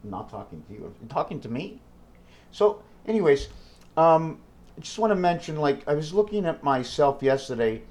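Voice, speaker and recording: Speaking a little high with big pitch swings, a moderate pace and a darkish tone, a male vlogger delivers a rambling monologue alone to the camera. His thoughts wander between numbers, wordplay and self-questions, thick with fillers.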